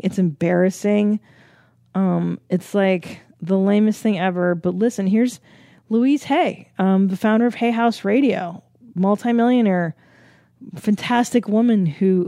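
A woman's voice: medium pitch, vocal fry, mellow, no echo, studio quality. Frank, rambling woman podcast host. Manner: rambling, frank and profane, with frequent laughs and fillers. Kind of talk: casual podcast monologue.

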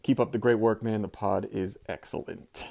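A man's voice: on the low side, steady tone, moderate pace, creaky, darkish tone. A man in his thirties, a former teacher, telling a story casually and animatedly, swearing and acting out the people he quotes.

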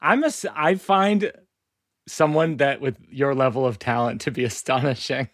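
A man hosts a podcast interview in a mid-range, slightly bright voice at a moderate pace. He talks casually and self-deprecatingly, laughing often and stammering through restarts. The studio-quality recording has no room sound.

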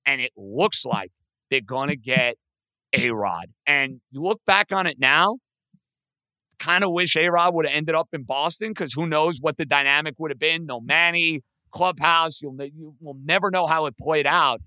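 Smooth, bright-voiced man telling sports stories. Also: a little high, normal speed, no echo. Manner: storytelling, steady, sets up points for his co-host. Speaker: podcast co-host. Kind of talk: casual sports chat.

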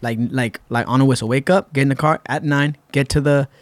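A man from Massachusetts, a podcast guest, telling a story in animated casual talk, acting out quotes and using many fillers. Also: medium pitch, a little fast, no room sound. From Massachusetts, USA.

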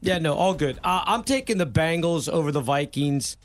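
Man, show producer, sardonic, fairly high voice, faint music. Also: expressive, normal speed. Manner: dry, sardonic. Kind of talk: casual sports chat.

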